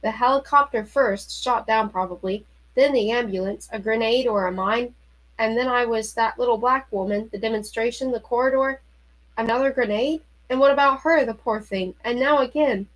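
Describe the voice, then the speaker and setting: Expressive woman reading aloud. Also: a little high, normal speed, rough recording. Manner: expressive reading with startled, anxious turns. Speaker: reader. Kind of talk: audiobook reading of a novel.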